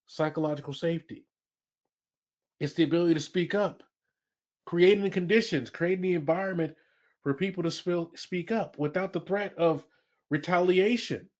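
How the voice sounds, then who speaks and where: A man's voice: high-pitched, a little mellow. Emphatic man presenting a webinar. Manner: emphatic, repeats key phrases, asks the audience questions. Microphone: webinar audio. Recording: dull lo-fi webinar audio.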